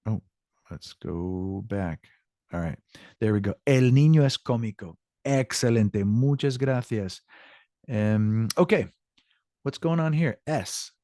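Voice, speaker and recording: A man's voice: lowish voice, animated, takes it slowly, warm tone, no room sound, studio quality. An older man teaching a Spanish class in a chatty, upbeat way. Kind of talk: classroom lesson.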